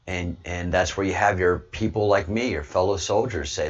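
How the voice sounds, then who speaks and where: An online commentary host from the Southern United States, with a Southern American accent, delivers a rambling, casual monologue, often restarting and calling his listeners "brother." His voice sits low at a normal speed, and the recording is muffled.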